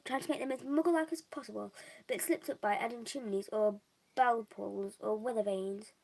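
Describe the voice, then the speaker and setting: A young woman reads a children's novel aloud at a steady pace, her voice sitting a little above the usual for a woman. The reading is casual and unrehearsed, with occasional slips she corrects on the spot. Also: a little high, moderate pace, creaky, low-quality recording. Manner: unpolished reading with restarts. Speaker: reader.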